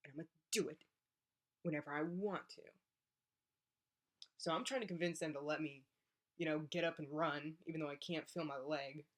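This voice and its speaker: A woman's voice: deep voice, normal speed, pauses often. A young woman, a college athlete, telling a personal story in a casual vlog and acting out the voices of the people in it. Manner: animated, acts out voices in her story.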